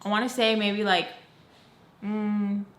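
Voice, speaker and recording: A woman's voice: medium pitch, slow pace. A young woman vlogger telling a personal story in a casual, chatty way, full of "like" and "you guys", acting out bits of dialogue. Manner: expressive, retelling scenes with quoted dialogue. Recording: roomy echo.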